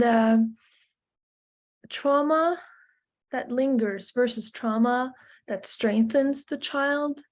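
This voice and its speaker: A woman with a fairly high voice gives a relaxed, informal lecture to parents. She talks slowly and chattily and fills her pauses with "um" and "like". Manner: slow, chatty, many fillers and "like".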